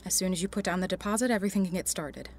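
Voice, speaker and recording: A woman's voice: fairly low pitch, very fast, a little mellow, slight background noise, lightly acted. An actress playing a businesslike female clinic staffer who explains costs persuasively.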